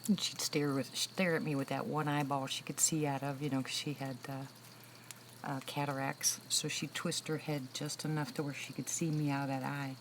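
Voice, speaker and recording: A woman's voice: deep voice, little pitch movement, moderate pace, a little hiss or hum, poor audio. A woman in her sixties chatting casually with viewers on a livestream, telling stories and laughing often. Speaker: livestream host. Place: room with a loud air conditioner.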